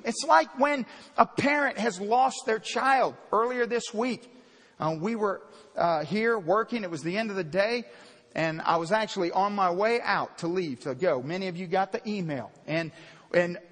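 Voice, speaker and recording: A man preaching a sermon, emphatic and repetitive, swinging between loud declarations and quiet storytelling in a church. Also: high-pitched. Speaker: pastor. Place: church sanctuary. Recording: long hall reverb.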